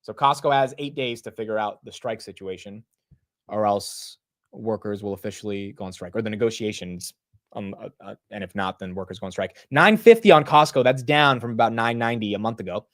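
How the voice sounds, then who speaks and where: A man's voice: fairly low pitch, a bit bright, dry recording, clean studio sound. Man chatting casually through live stock moves. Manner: chatty, quick asides to the chat, says "bro" and "dude". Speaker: livestream market commentator. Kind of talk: casual live market commentary.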